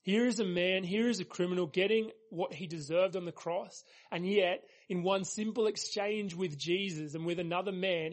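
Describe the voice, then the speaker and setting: A man with a high, light voice delivers a sermon with earnest conviction. He presses each point through repetition and builds emphasis line by line. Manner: earnest, emphatic preaching with repeated phrases. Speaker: pastor.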